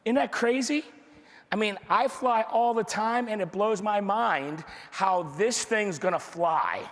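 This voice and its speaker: A man with a high voice leads a motivational sales training for a live crowd. He repeats his points over and over, fires rhetorical questions and acts out dialogue. His voice rings with the long reverb of a big hall. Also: a little slow. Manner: energetic and repetitive, drives points home with rhetorical questions. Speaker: sales team leader giving a motivational training talk. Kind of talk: motivational speech to a live audience. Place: large room with an audience.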